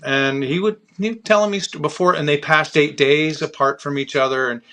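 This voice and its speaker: A bright, forward-sounding man from Canada hosts a casual livestream chat. His pitch sits a little high, and he tells his stories in loose, broken fragments. He speaks over a video call mic. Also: brisk. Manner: loose anecdotes told in fragments. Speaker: host.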